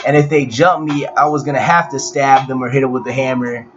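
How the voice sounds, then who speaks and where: A man's voice: medium pitch, fairly even intonation, brisk. A young man telling a personal story in a laid-back, profane way, with frequent restarts. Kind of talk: casual storytelling. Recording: dull lo-fi audio with clear music behind.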